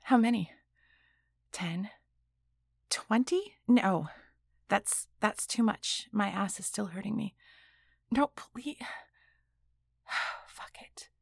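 A woman's voice: medium pitch, lively intonation, extremely slow, pauses often, dry recording, clean studio sound, heavily acted. A woman voicing a proud, defiant female boss and mother in an adult audio role-play, talking breathily and dropping into whispers. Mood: resigned. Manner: breathy, moaning, sudden whispers.

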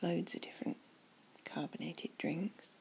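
A woman doing a whispered ASMR chat, soft and rambling as she muses aloud. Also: fairly low pitch, steady tone, measured pace, vocal fry, poor audio.

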